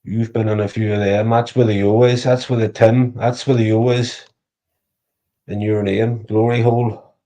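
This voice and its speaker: A man's voice: fairly low pitch, little pitch movement, normal speed, mellow. A man chatting casually on a livestream, crude and joking, swearing freely. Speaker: livestream co-host. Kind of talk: casual live chat.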